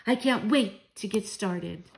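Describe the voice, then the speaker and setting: A woman slowly reads aloud as a spirited, fierce old grandmother witch-hunter, fervent and speaking with emphatic command. Her voice is medium in pitch, and the recording carries a little hiss or hum.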